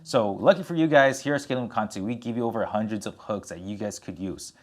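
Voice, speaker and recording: Energetic man coaching on camera. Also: lowish voice, fairly quick. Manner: energetic, gestures with hands while talking; animated, plays with his tone for emphasis. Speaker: content coach. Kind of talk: direct-to-camera tutorial.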